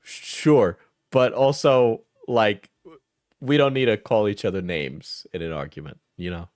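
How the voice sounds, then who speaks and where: A man's voice: lowish voice, unhurried, a little mellow, no room sound, clean studio sound. A man streamer reacting to a clip, mocking it, laughing often and swearing freely. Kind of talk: casual reaction commentary.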